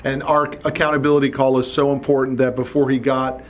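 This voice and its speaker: A man's voice: mid-range voice, little pitch movement, fairly quick. A middle-aged man hosting a solo podcast, talking bluntly and with animation, swearing casually. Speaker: podcast host.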